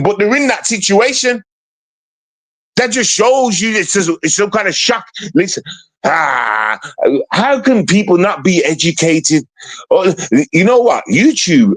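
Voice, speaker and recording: Animated, swearing man ranting. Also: sits high, rough recording. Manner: animated, swearing, rhetorical questions. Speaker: streamer ranting on news. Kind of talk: heated casual commentary.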